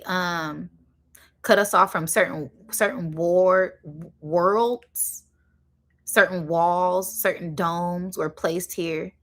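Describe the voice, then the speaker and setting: Low-voiced woman channeling spirit messages. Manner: rambling, full of fillers, slowing down to stress points; addresses viewers directly and casually. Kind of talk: live spiritual channeling talk.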